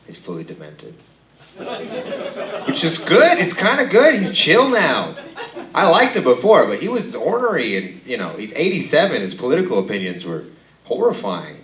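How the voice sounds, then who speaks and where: A young man from Romania performing a stand-up comedy set on a club stage, with a dry, deadpan delivery that jumps into sudden animated bursts. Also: fairly low pitch. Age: young adult. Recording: echoey club recorded from a distance, loud noise. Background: audience laughter.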